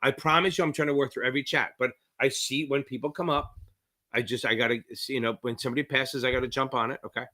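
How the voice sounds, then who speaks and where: A middle-aged man with a New Jersey accent, tutoring on a live-stream Q&A in a rambling, profane, excitable way. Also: mid-range voice, fast. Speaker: exam prep tutor.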